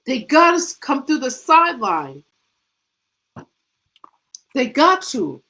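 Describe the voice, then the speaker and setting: A middle-aged woman delivers a devotional pep talk in a high, bright-pitched voice. She takes her time, leaning on rhetorical questions and repeated phrases. Her delivery mixes preaching with casual, slangy everyday talk. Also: big pitch swings, slow, poor audio. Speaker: faith coach.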